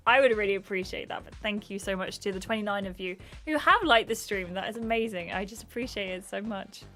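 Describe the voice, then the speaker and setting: A woman's voice: mid-range voice, fairly bright tone. A young woman livestreaming a dating game, chatting in a gushing, rambling way and thanking viewers. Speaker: gaming streamer. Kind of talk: casual live game commentary.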